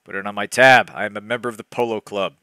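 A man voicing a bragging, haughty rich society woman with a deadpan reading of stiff lines. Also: fairly low pitch, fast talker, smooth, no echo.

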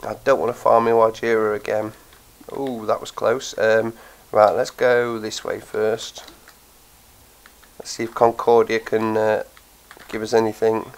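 Man, blocked nose from a cold, tired, slightly low pitch, rambling gameplay commentary. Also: little pitch movement, unhurried, rough recording. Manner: chatty, thinks aloud with many ums and restarts. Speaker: gaming channel host.

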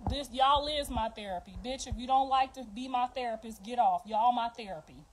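A middle-aged woman ranting on a livestream, profane and confrontational, swinging between loud outbursts and hushed, bitter remarks. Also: on the high side, a little fast, low-quality recording. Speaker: livestream host. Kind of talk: emotional livestream rant.

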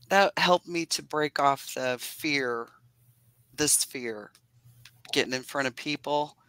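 A woman's voice: deep voice, slow pace, pauses often, a bit bright, clean tone, no room sound, rough recording. A woman beekeeper talking earnestly and chattily on a video call, laughing often as she tells her story. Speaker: beekeeper guest. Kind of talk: casual video-call interview.

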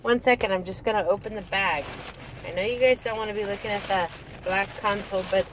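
A woman's voice: medium pitch, steady tone, a little fast, a bit bright, slight background noise. Chatty gushing woman in a car. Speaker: reborn doll vlogger. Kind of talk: casual unboxing chat. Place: inside a parked car. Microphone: handheld camera, no tripod.

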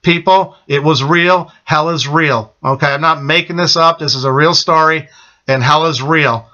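A man's voice: a little high, normal speed, sharp tone, lo-fi sound. A middle-aged man telling an emphatic personal testimony, often repeating "okay?" and addressing listeners as his friends. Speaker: testimony speaker.

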